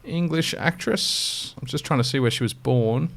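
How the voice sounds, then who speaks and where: A man's voice: medium pitch, fairly even intonation, fast talker, creaky, slight background noise. A man with an Australian accent co-hosting a podcast, rambling enthusiastically and swearing casually as he chats. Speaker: podcast co-host. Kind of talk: casual chat.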